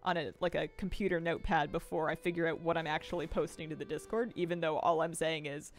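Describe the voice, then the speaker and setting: A woman's voice: low voice, little pitch movement, quick pace. A young adult woman streaming a game, chatting casually and rambling, often breaking into laughter. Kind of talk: casual live-stream chat while gaming.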